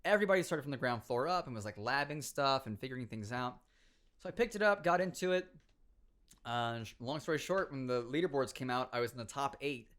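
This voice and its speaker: A man's voice: mid-range voice, lively intonation, a little fast, a bit bright. A young man, a podcast guest, telling stories in casual chat, acting out other people's lines and swearing freely. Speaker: podcast guest, former pro gamer.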